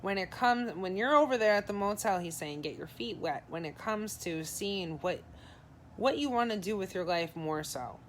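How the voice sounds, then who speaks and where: A woman psychic medium talking through a live reading at a middling pitch. She passes on spirit messages in the first person, casual and direct, with frank advice. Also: lively intonation, normal speed, a little hiss or hum. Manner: advising, frank tone.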